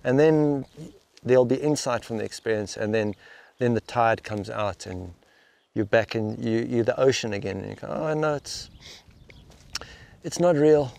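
A man being interviewed as a spiritual teacher. He speaks reflectively and haltingly, restarting and repeating words as he works through his thoughts. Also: lowish voice, fairly even intonation, creaky, a little mellow. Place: outdoors in the rain.

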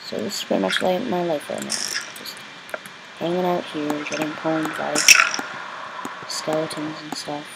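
A man giving rambling, chatty video game commentary as a channel host, breaking into exasperated yelling when things go wrong. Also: on the high side, level tone, a little slow, creaky, long pauses, noisy background.

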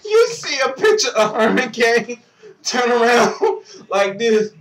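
A woman's voice: a little high, slow. A woman vlogger ranting casually to her viewers, breaking into laughter so hard she is in tears. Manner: talks through constant fits of laughter. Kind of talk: casual video rant. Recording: echoey room.

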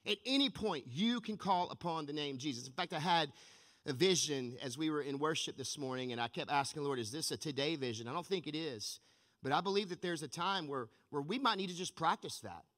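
Pastor preaching in a reverberant hall. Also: male voice, a little high, a little fast. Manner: energetic storytelling preacher. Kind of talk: sermon. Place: church sanctuary. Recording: long reverb of a large church hall.

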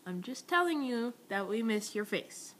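Slow, rambling young woman with a higher voice. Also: sing-song, fairly bright tone, a little hiss or hum. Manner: rambling, giggly, self-described awkward. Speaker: vlogger. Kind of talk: casual video message to friends. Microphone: tablet built-in mic.

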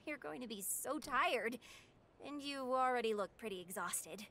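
A woman's voice: on the high side, expressive, normal speed, a bit bright. A woman voicing a chatty, blunt young woman in a video game, teasing and bubbly in her manner. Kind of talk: video game character dialogue.

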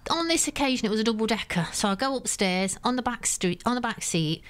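A woman's voice: fairly high pitch, fast. A woman co-hosting a radio show, telling a story and acting out what people said. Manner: animated storyteller, acts out quotes. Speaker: radio co-host. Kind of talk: casual radio chat.

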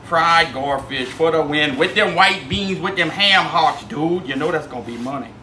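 A man's voice: a little high, moderate pace, pushed and bright, reverberant, slight background noise, rough recording. A man with a Cajun Louisiana accent, hosting a cooking video in a laid-back drawl. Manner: laid-back drawl, says "dude" a lot. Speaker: cooking channel host.

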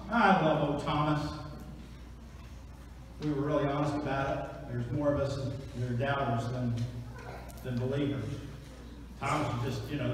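A man preaching an Easter sermon, dropping to hushed tones and then rising to excited shouts. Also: high-pitched, slight background noise. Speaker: pastor. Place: large church sanctuary. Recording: echoey church hall from far off.

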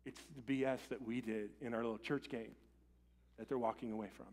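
A man preaching a sermon as pastor in a church, swinging from loud urgent appeals to quiet, intimate lines. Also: medium pitch, fairly even intonation, a little fast. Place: church sanctuary.

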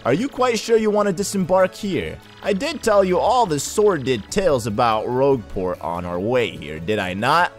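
A man's voice: mid-range voice, very animated, normal speed, hardly any pauses, faint music behind, lightly acted. A man voicing a formal, courteous male ship sailor in a game, overly polite.

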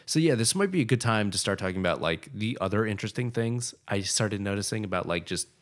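A man's voice: lowish voice, lively intonation, quick pace. A man co-hosting a casual film commentary podcast, rambling critically with lots of fillers like "like". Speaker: podcast co-host.

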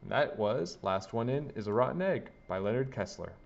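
A man reading a children's picture book aloud with gentle, lively narration. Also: mid-range voice, normal speed, vocal fry, lo-fi sound. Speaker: storybook reader. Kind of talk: children's story read-aloud.

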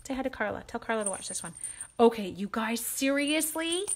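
A woman hosting a live crafting stream talks a little fast in a slightly high, animated voice. She chats with her audience, addressing viewers by name, and makes fun of herself whenever she messes up.

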